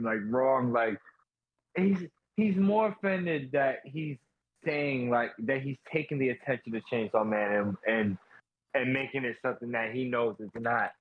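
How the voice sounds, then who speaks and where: A young man co-hosting a podcast in relaxed, halting, slangy chat. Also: mid-range voice, phone-quality sound. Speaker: podcast co-host. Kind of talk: casual chat.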